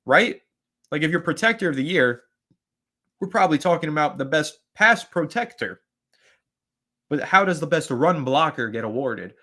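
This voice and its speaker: Bright-voiced chatty man hosting a stream. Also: a little high, expressive, normal speed, pauses often. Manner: chatty, rambling, shouts out viewers by name. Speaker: host of a fan live stream. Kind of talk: casual live-stream chat reading viewer comments.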